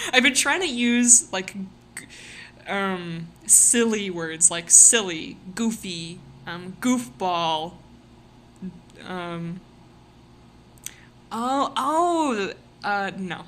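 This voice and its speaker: A woman's voice: medium pitch, lively intonation, drawn-out words, long pauses, fairly bright tone, slight background noise. A young woman streamer chatting casually and rambling, giggling often, with lots of fillers and a slightly sore voice. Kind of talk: casual live-stream chat.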